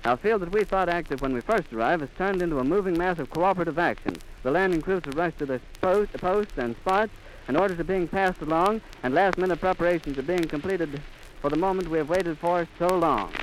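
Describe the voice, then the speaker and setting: A man's voice: on the high side, low-quality recording. A man reporting live outdoors for radio in a florid announcer style, heard on a 1930s archive recording. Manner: frantic, sobbing, breathless outcry. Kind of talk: live on-the-spot radio commentary. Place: outdoors at an airfield in rain. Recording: 1930s archive recording with faint rain noise.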